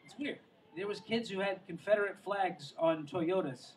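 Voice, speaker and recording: A man's voice: sits high, normal speed, distant mic, a little hiss or hum, rough recording. A man doing a stand-up comedy set outdoors by the water, rambling and self-mocking, drifting into asides and tripping over his own words. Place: outdoor show near the water.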